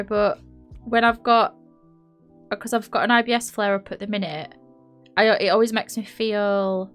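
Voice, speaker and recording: A woman with a Yorkshire accent chatting casually while streaming a building game, rambling and often correcting herself. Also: medium pitch. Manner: rambling, chatty, frequent laughs and self-corrections. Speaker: live streamer.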